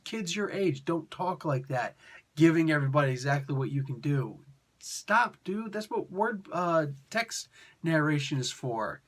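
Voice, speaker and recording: A young man hosting a casual review, talking in an animated, sarcastic and exasperated way with slangy asides. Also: a little high, a little slow. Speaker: comic book reviewer.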